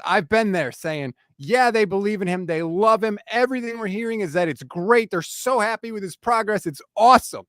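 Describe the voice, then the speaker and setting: A man hosting an emergency sports podcast, hoarse from screaming, exasperated and incredulous, repeating himself. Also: very high-pitched, fairly bright tone, dry recording, studio quality. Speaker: podcast host.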